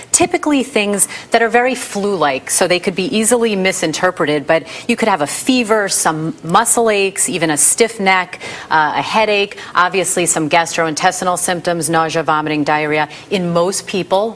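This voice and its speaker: A woman medical correspondent giving clear explanations in a news interview. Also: lowish voice, a little hiss or hum.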